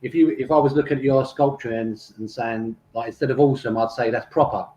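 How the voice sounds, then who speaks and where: A man's voice: mid-range voice, steady tone, fast talker, dark tone, roomy sound, muffled recording. A man with a London accent, a guest sculptor chatting casually and a bit hesitantly over a video call. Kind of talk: casual chat.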